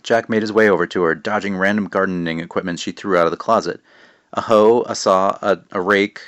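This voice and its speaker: A man, the author, reading his children's book aloud with lively narration. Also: sits low, brisk.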